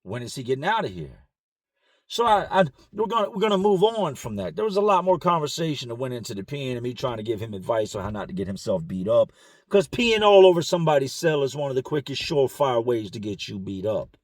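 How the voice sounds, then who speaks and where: A man telling a personal story in a casual, animated vlog style, recorded in his car. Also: medium pitch, quick pace, no room sound, studio quality. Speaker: vlogger.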